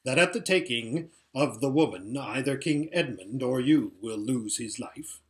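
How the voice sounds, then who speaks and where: A man voicing a shrewd old male emperor who speaks in a dry, measured, sardonic way. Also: mid-range voice, expressive, natural voice.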